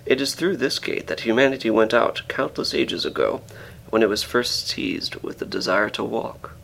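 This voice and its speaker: A man putting on a calm, stubborn old guide. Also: medium pitch, vocal fry, a little hiss or hum, pitched above the performer's own voice, rough recording. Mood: insistent. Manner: calm, patient, repeats himself slowly.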